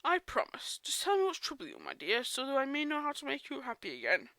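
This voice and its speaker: A woman voicing a mischievous male chaos spirit in a storybook reading, coaxing and drawing out her words, in a bright, lively voice. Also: high-pitched, quick pace, dry recording, pitched above the performer's own voice, exaggerated voice. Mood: gentle.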